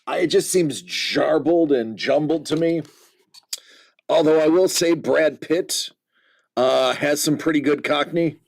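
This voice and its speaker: A man hosting a card-break stream, chatting casually and rambling with jokes and filler pauses. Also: fairly high pitch, animated, creaky, a little hiss or hum. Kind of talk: casual livestream chat.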